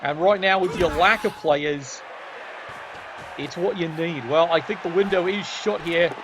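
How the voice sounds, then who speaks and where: Calling a game match at a measured pace, this male commentator has a voice pitched well above the typical male range and a dry, mocking tone. He talks straight to the players and swears casually, with a crowd audible and a clear background hum running under the entire recording.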